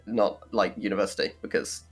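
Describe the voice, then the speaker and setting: A woman from Britain, a guest gamer on a stream, telling stories in animated, teasing casual chat. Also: a bass voice, brisk, faint music behind.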